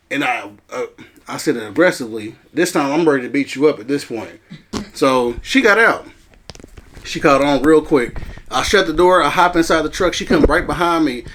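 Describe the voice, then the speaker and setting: A man's voice: on the high side, expressive, moderate pace, a bit bright, slight background noise. A man animatedly telling a story in casual chat, acting out quotes and laughing often. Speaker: cast member telling a story.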